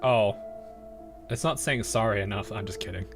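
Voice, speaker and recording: A man's voice: lowish voice, moderate pace, faint music behind. An American man giving casual commentary while playing a game, rambling into asides and laughing often. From United States. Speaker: game streamer.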